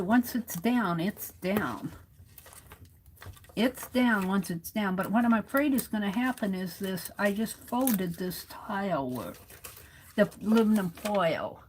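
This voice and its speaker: Here a medium-pitched American woman hosts a craft livestream against slight background noise. Chatting away to herself and the audience as she works with her hands, she now and then leans away from the microphone.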